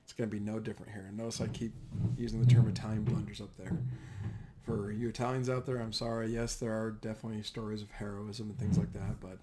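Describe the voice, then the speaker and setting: A man's voice: fairly low pitch, flat delivery, fast, very noisy. A man giving a casual, rambling history lecture over slides, often correcting himself mid-sentence. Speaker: history teacher.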